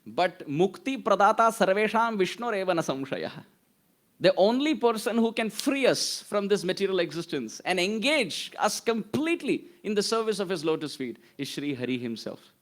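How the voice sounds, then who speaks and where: Male preacher, high-pitched, storytelling sermon with Sanskrit recitation. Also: normal speed. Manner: expressive storytelling, quotes Sanskrit verses. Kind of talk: devotional sermon.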